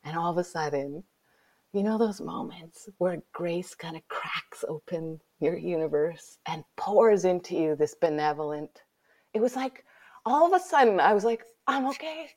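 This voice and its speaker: A woman author in her thirties telling a personal story in an interview, moving from whispered moments to loud exclaiming. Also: lowish voice, expressive, normal speed. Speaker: guest, author.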